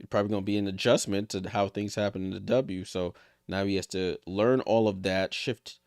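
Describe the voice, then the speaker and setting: Reaction host, male, gravelly low voice with a smooth finish, loose jokey asides. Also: a little mellow, no echo, studio quality. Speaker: reaction streamer. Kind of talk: casual live reaction commentary.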